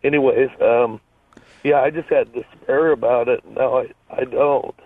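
A man calling in to a radio show, his voice hoarse from a cold, talking in a plain-spoken way. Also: mid-range voice, fairly even intonation, normal speed, no room sound. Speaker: caller. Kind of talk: radio call-in chat. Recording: tinny phone line.

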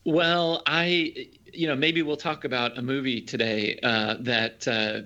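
A man appearing as a podcast guest, talking in a measured, thoughtful and hedging way in casual chat. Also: mid-range voice, fairly even intonation, sharp tone. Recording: dull lo-fi audio.

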